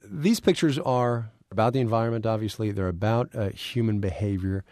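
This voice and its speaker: A man's voice: lowish voice, brisk, darkish tone, dry recording, clean studio sound. A man hosting a radio show, reading polished intros and asking curious questions with small restarts. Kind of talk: radio interview and scripted intros. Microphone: studio microphone.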